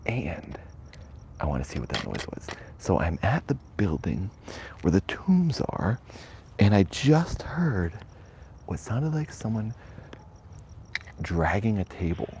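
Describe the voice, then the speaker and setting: A man's voice: deep voice, big pitch swings, slow pace, pauses often, a little mellow, a little hiss or hum. A man streaming a nervous night walk through a cemetery, rambling and half-whispering into a shirt mic. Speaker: vlogger. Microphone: shirt lapel mic.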